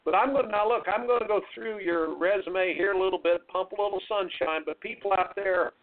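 A man's voice: high voice, a little fast. A man hosting a radio talk show, telling stories in an emphatic, folksy, motivational way. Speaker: radio show host and tennis coach. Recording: narrow phone-like radio sound.

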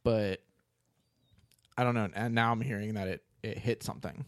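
A man's voice: fairly low pitch, steady tone, normal speed, no room sound, studio quality. A man co-hosting a podcast in casual chat, rambling with many fillers and frequent laughs. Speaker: podcast co-host.

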